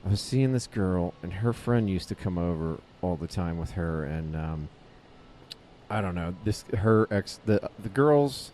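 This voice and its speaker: A man's voice: low-pitched, expressive, unhurried, dark tone, slight background noise. A man in his late twenties, a comedian guest, telling a long story in a rambling, profane way with many fillers and restarts. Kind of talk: casual storytelling interview.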